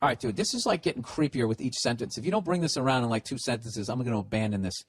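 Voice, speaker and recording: A man's voice: mid-range voice, animated, fast, hardly any pauses. Profane, sarcastic man with a Boston accent. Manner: profane, sarcastic and rambling, with restarts. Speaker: comedy podcast host. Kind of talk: comedic advice rant.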